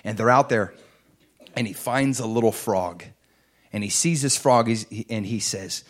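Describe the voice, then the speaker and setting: Animated man preaching. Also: on the low side, normal speed. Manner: animated preaching, reading scripture aloud, rising to loud emphasis. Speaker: pastor. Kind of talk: sermon.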